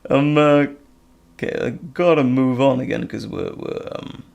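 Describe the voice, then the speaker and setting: A man's voice: mid-range voice, steady tone, moderate pace, gravelly, a little mellow, muffled recording. A man hosting a casual live stream, reading chat questions aloud with frequent ums and hesitations. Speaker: live stream host and audio creator.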